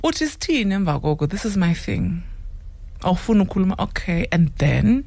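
A woman's voice: on the low side, big pitch swings, a little fast, gravelly, warm tone, dry recording. A South African woman hosting a radio show, teasing and laughing with callers in a casual chat. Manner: playful, teasing, often laughing. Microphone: studio microphone.

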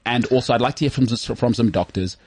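Husky South African man, casual chat. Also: medium pitch, quick pace, no echo. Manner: animated, jumps into mock voices. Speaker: podcast co-host.

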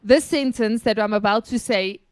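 Woman, fairly high voice, dry recording, casual group chat, patient explanations. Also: normal speed, no room sound. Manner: explains patiently, reads quotes with stress. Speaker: co-host. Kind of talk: casual group chat, reading examples aloud.

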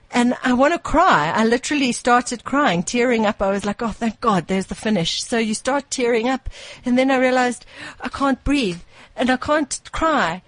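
A woman's voice: a little high, dry recording. A woman, co-hosting a casual chat show and telling stories animatedly, laughing often. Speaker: co-host.

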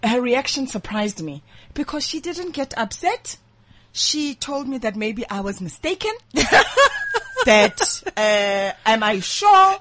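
A woman hosting a casual talk show from a studio, telling a story in an animated way and laughing often. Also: a little high, slow, a little hiss or hum. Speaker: host. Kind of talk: casual radio-show chat.

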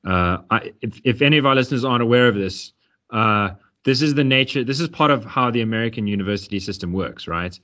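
A man's voice: mid-range voice, fast talker, fairly bright tone. A man co-hosting a podcast, rambling and joking with stammering restarts. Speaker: podcast co-host. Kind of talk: casual political chat.

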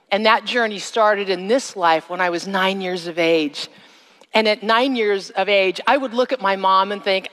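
Woman preaching a testimony in a reverberant hall. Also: a bit bright. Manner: slow, emphatic phrasing, rising to a high cry in re-enacted moments. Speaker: speaker giving a testimony. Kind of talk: sermon-style personal testimony. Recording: long reverb of a large hall.

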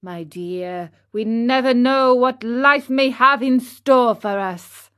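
Gentle old storybook father, calm and slow, read by a woman. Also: fairly high pitch. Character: kind, patient poor old man.

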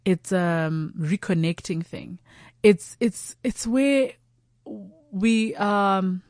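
A woman comedian in her thirties or forties, speaking openly and with lively energy. She keeps dropping into quoted voices and imagined conversations, and often circles back to restart a phrase. Her voice sits at a middling pitch and sounds dry and close to the mic. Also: extremely slow, long pauses, no room sound. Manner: animated, acts out quoted voices and imagined dialogue. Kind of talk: candid conversational chat.

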